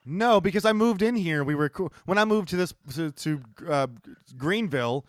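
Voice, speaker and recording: A man's voice: high voice, animated, moderate pace, no echo, clean studio sound. A man co-hosting a casual podcast, teasing and laughing often. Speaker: podcast co-host. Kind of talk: casual banter.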